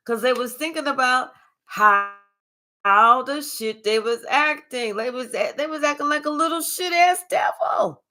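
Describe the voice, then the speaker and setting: A woman doing a live tarot reading, talking in a sassy, profane, animated way and chatting with her viewers. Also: high voice, measured pace. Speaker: tarot reader.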